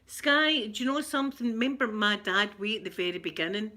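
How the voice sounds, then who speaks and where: A woman's voice: mid-range voice, expressive, brisk, sharp tone. A middle-aged woman with a Glaswegian accent, chatting casually with viewers during a livestream, repeating her phrases and laughing often. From Scotland. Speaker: ASMR livestream host.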